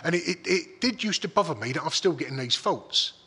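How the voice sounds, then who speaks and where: Middle-aged man, husky and bright, a bit higher than usual, rambling and sweary, long room reverb. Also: expressive, fairly quick. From East London. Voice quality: rambling, restarts a lot. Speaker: guest. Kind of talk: casual interview chat, frank and sweary.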